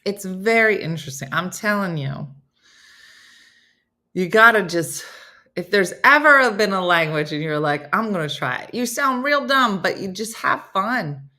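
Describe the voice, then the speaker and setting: A woman's voice: medium pitch, animated, measured pace, sharp tone. A middle-aged woman hosting a casual live chat, laughing and reading out viewers' comments. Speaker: host.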